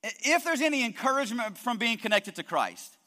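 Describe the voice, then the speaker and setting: This pastor's voice is extremely high and sing-song, fairly quick and sharp, ringing with long hall reverb. He preaches his sermon emphatically, building points through frequent repetition of words.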